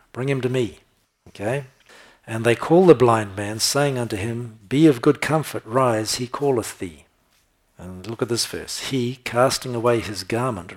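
A man with a low, husky voice delivers a sermon. He preaches with conviction and keeps checking in with his congregation through short tag questions like "right?" and "okay?".

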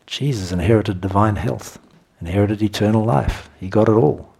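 Husky-voiced man preaching a sermon. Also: lowish voice, normal speed, mellow. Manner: conversational, chuckles between points.

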